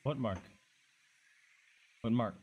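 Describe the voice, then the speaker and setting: A man streaming a video game in casual let's-play commentary, gushing and excitable, squealing and swearing as he plays. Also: mid-range voice, slow, husky, dull audio. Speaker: gaming streamer.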